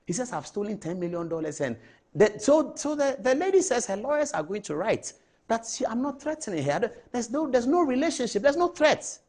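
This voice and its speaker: A middle-aged man with a Ghanaian English accent, hosting a TV talk show monologue in a chatty, animated, digressive way. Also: extremely high pitch, brisk.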